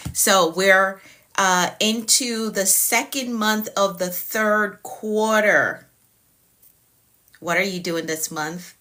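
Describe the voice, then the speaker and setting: A woman who works as a productivity coach, hosting a casual live stream and warmly greeting her viewers by name over and over. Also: mid-range voice. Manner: upbeat, welcoming, repeats greetings to viewers by name.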